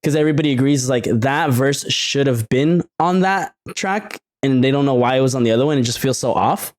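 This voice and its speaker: A man's voice: mid-range voice, fairly quick. A man co-hosting a podcast in casual chat, easygoing and swearing casually as he gives advice. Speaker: podcast co-host.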